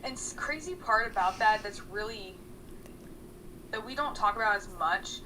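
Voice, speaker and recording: A woman's voice: medium pitch, moderate pace, pushed and bright, a little hiss or hum, poor audio. A woman player in casual chat, rambling through memories of a game session with restarts and laughing asides. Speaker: player guest.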